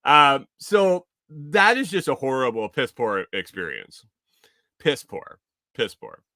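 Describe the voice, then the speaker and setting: Bright-voiced, profane man rambling casually. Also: medium pitch, very animated, measured pace, dry recording, studio quality. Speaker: podcast host. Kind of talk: casual monologue.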